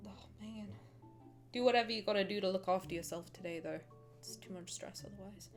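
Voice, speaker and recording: A woman's voice: medium pitch, a little fast, soft background music. A British woman streamer in casual reaction chat, rambling, laughing and talking to her chat. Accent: British English. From Britain.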